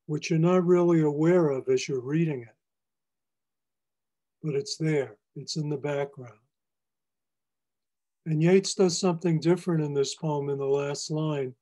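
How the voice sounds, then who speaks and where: A poet giving a library lecture on poetry, explaining lines in a measured, teacherly way. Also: male voice, on the high side, fairly even intonation, warm tone. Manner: measured, explanatory, reads lines aloud for emphasis. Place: public library presentation.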